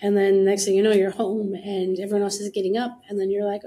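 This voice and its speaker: A woman's voice: medium pitch, flat delivery, a little fast, hardly any pauses, warm tone, slight background noise, rough recording. A woman co-founder speaking as an interview guest in casual, earnest, encouraging talk with many fillers.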